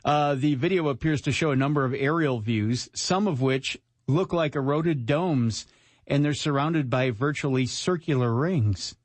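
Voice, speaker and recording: A man's voice: mid-range voice, a little slow, no room sound. A man co-hosting a radio talk show, reading news items and viewer quotes with a wry, snarky touch. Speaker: radio co-host.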